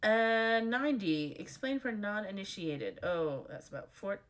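A woman's voice: mid-range voice, animated, a little slow. Wry woman reading notes aloud. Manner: dry, sarcastic asides between read-out notes.

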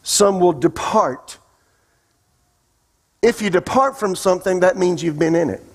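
A man's voice: high voice, a little slow. A man preaching a sermon as pastor, emphatic and asking the congregation questions. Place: church sanctuary.

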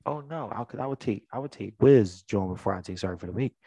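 A man's voice: lowish voice, expressive, quick pace, mellow, slightly rough, dry recording, studio quality. A young man in casual chat, talking in a laid-back, slangy way that often drops to a mumble.

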